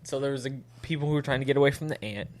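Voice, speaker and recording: A man's voice: mid-range voice, very fast. Young guy on a podcast, rambling through crude stories, swears a lot, laughs as he talks, average voice. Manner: animated storytelling with laughs and swearing. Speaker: podcast co-host. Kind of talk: casual crude banter.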